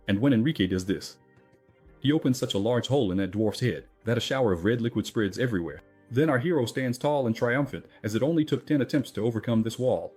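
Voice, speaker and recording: A man's voice: on the low side, darkish tone. A man narrating a story recap in a casual, jokey way, with chatty asides to the listener.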